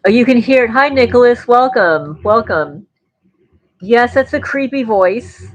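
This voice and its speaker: A woman's voice: a little high, normal speed, darkish tone, no room sound, poor audio. Chatty woman hosting a livestream. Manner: rambling, chatty, reads and answers viewer comments. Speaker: livestream host. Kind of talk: casual livestream chat.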